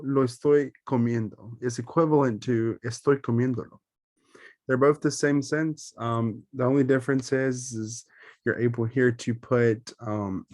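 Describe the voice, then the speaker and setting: A man's voice: medium pitch, no room sound, studio quality. A man teaching Spanish grammar in an online lesson, explaining slides with many ums and self-corrections.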